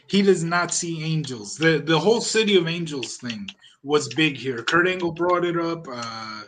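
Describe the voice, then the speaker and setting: A man's voice: fairly high pitch, a bit bright, a little hiss or hum. A man hosting a podcast, casually recapping events with a dry, wry manner. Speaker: podcast host reviewing wrestling. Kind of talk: casual chat.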